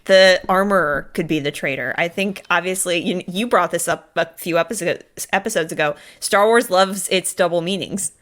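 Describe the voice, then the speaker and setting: A woman's voice: fairly low pitch, normal speed, hardly any pauses, a bit bright. A woman co-hosting a podcast in casual chat, giggling often between remarks. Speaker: podcast co-host.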